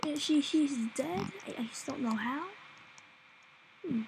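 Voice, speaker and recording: A woman's voice: high-pitched, animated, unhurried, creaky. A woman casually commenting on a video game as she plays, rambling and wondering aloud, often slipping into whispers. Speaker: gameplay commentator. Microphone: desktop mic. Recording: noisy home recording.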